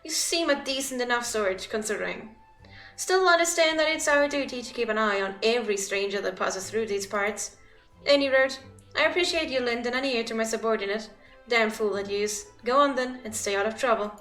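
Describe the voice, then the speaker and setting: A woman voicing a hot-tempered forest guard captain who rants in rough folksy speech while reading game dialogue aloud. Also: on the high side, fairly quick, a bit bright, echoey room, soft background music, close to an everyday voice. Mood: gruff.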